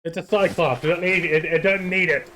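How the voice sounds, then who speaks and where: A man's voice: high voice, steady tone, fairly quick, fairly bright tone, slight background noise, poor audio. A man casually chatting with friends while streaming a game, swearing and grumbling often. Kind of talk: casual gaming stream chat.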